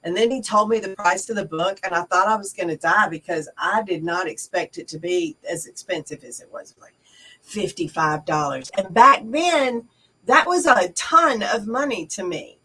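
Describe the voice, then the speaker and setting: A middle-aged woman co-hosting a casual online discussion, telling stories in a chatty, animated way. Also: medium pitch, moderate pace, breathy edge. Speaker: co-host. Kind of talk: casual discussion on a video call. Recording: distant from the mic.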